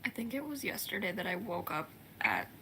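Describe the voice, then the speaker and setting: A woman's voice: fairly low pitch, wildly swooping pitch, a little fast, pushed and bright, slight background noise, rough recording. A young woman chatting casually while gaming, telling stories and complaining, sometimes dropping to a whisper. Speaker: streamer co-host.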